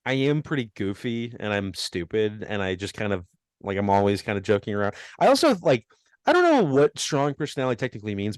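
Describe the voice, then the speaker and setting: A man's voice: on the low side, clean tone, no room sound. A young man co-hosting a podcast, rambling through a story with lots of laughter and self-mocking asides. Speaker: podcast co-host. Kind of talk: casual chat.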